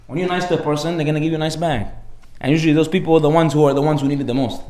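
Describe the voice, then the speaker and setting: A man giving a casual, lively Torah class, acting out the people in his stories with sudden loud outbursts and mixing Hebrew terms into everyday English. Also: fairly high pitch, racing, echoey room. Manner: animated storyteller, acts out characters with sudden loud outbursts. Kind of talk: lively informal Torah lecture.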